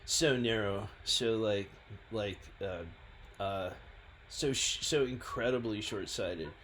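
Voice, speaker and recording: A man, a scientist and founder, talking through his own website in a halting, self-deprecating way. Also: lowish voice, fairly bright tone, slight background noise. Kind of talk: reading and commenting on his website.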